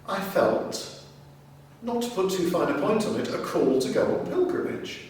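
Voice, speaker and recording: A man's voice: fairly high pitch, a little hiss or hum. Deacon guy being interviewed, takes his time, sounds far from the mic in a big echoey room. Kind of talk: conversational interview. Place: large reverberant room in a seminary.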